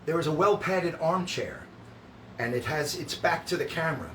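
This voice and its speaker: A man hosting a live show, reading a stage script aloud with relaxed, offhand asides. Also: on the high side, moderate pace, slight background noise. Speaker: host reading a musical's script. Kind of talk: casual script read-aloud. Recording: echoey room, distant mic, guitar.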